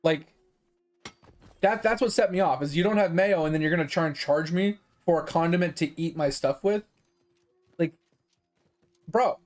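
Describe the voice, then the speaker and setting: High-voiced man ranting, exasperated. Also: normal speed. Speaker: gaming streamer. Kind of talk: casual chat.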